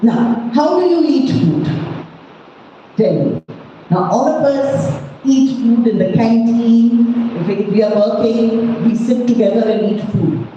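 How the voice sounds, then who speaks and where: Indian lady teaching manners, tells little stories w voices, kinda high pitch, muffled lo-fi sound. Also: takes it slowly, dark tone, slight background noise. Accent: Indian English. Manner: storytelling, acts out voices in anecdotes. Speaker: lecturer. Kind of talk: lecture on etiquette. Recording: echoey hall, far from mic, muffled.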